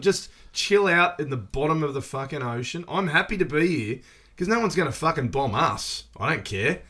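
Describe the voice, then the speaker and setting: A man co-hosting a podcast, talking loosely and laughing through his own jokes. His pitch rises and falls a great deal, and he swears freely as he reads out and mocks news stories. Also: lively intonation, normal speed, bright, forceful tone. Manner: profane, jokey, laughs a lot. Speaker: podcast co-host. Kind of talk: casual chat.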